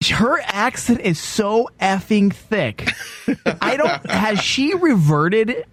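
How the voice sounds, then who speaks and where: Male podcast host, sick, crude joker, lively up-and-down voice, dry studio sound. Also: sits high, slow pace, no room sound. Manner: joking, crude, laughs often. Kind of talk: casual comedy banter.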